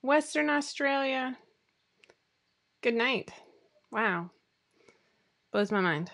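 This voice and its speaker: A woman in her thirties hosts a live show from a room at home, talking to viewers through her webcam. Her voice is bright and sits a little high. She rambles cheerfully, pokes fun at herself, and fills the pauses with ums and likes. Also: lively intonation, creaky. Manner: chatty, rambling, self-deprecating, many fillers. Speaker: sewing pattern designer hosting a weekly live show. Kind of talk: casual livestream chat.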